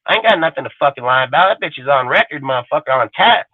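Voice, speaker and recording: A man's voice: fairly high pitch, expressive, racing, dry recording. A man hosting a fan channel livestream, ranting aggressively with heavy swearing and swagger. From California. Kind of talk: profane livestream rant. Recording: tinny phone-like sound.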